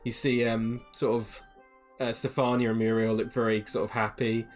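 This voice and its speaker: A man's voice: mid-range voice, level tone, normal speed, soft background music. Man narrating as game master. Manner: rambling, filler-heavy, laughing.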